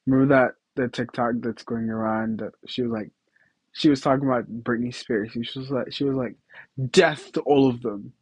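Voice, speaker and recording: Husky young man rambling casually. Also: medium pitch, fairly even intonation, a little fast, no room sound, rough recording. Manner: chatty, giggly, rambling with fillers. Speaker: podcast host. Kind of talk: casual solo podcast chat.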